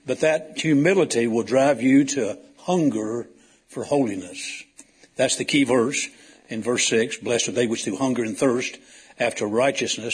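A man's voice: mid-range voice, husky. A man preaching a sermon to his congregation in a folksy, storytelling way that rises to emphatic calls.

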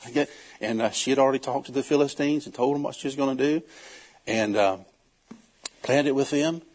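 A man preaching, telling a Bible story in a folksy, animated way and acting out the characters. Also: medium pitch, fairly quick. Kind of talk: storytelling sermon.

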